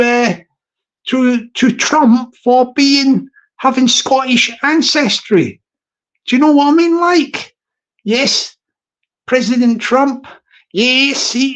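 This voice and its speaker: Slow, rambling London man. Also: very high voice, fairly bright tone, rough recording. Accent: London English. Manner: rambling, chuckling, cheeky. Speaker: livestream host. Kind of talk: casual livestream chat.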